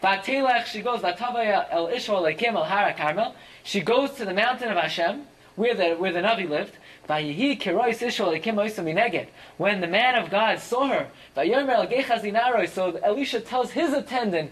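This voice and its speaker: Torah class teacher, reads Hebrew lines then English, mid-pitched, dramatic, emphatic rises. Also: lively intonation, fairly quick, a bit bright, rough recording. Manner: reads Hebrew phrases and translates each into English; dramatic, swings sharply up for emphasis. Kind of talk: verse-by-verse Bible class.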